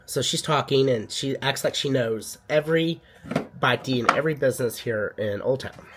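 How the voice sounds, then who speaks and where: Chatty man with a cough. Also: mid-range voice. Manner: chatty, sassy storytelling. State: coughing, under the weather. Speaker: vlogger and boutique owner. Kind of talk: casual vlog chat.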